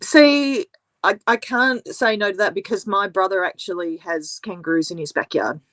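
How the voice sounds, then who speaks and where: A woman's voice: mid-range voice, normal speed, a bit bright, no room sound. A woman with an Australian accent, a guest on a live show, chatting in an easygoing way and laughing easily. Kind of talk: casual live-stream chat.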